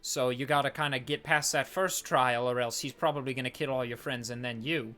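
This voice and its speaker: A man narrating a tabletop game as game master, rapid and animated with many fillers. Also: medium pitch.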